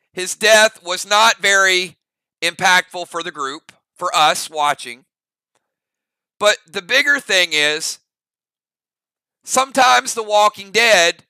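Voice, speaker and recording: High, gravelly-voiced man chatting on stream. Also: pushed and bright, no echo. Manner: rambling, thinks aloud with restarts, talks straight to chat. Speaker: live-stream host reacting to a TV episode. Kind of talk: live-stream reaction chat.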